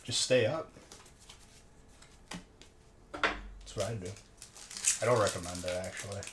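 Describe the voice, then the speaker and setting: A man's voice: fairly low pitch, normal speed. A man hosting a live stream, chatting and joking with viewers in a rambling way late at night. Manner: rambling, joking banter with chat. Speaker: live-stream host opening card packs. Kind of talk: casual live-stream chat. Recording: echoey room with background noise.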